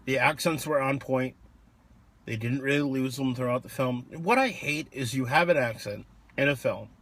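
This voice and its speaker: A man casually chatting about film casting and ratings with a friend, his voice rising and dropping in loudness as he talks. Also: mid-range voice, normal speed. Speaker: co-host reviewing films. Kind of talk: casual chat. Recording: faint background noise.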